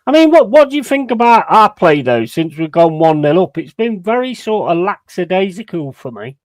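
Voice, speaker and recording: A man's voice: high voice, very animated, moderate pace, no room sound. Man, frustrated sweary watch-along streamer, dry close sound. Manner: heavy swearing, ranting and frustrated; banters with chat and gives shout-outs. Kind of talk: live match watch-along commentary.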